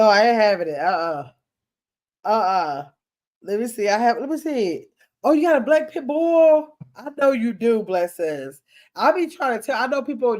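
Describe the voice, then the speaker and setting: Chatty grandmother reading live comments. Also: mid-range voice. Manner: chatty, animated, Southern US dialect grammar. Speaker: livestream host reading viewer comments. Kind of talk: casual livestream chat.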